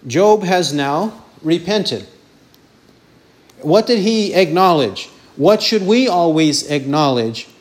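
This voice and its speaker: A man preaching a sermon, asking questions and answering them himself, stressing points with repeated lists of words. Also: on the high side.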